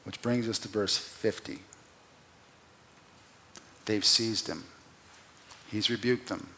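A man preaching an expository sermon, who asks the listeners rhetorical questions and swings from loud emphatic peaks to quiet, low drops. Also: fairly even intonation, slow pace, a little hiss or hum. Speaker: pastor.

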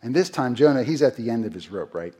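Talking fast with lively intonation, this middle-aged pastor preaches in a mellow, slightly husky voice pitched like a typical man's. His sermon feels conversational, full of rhetorical questions and acted-out quotes.

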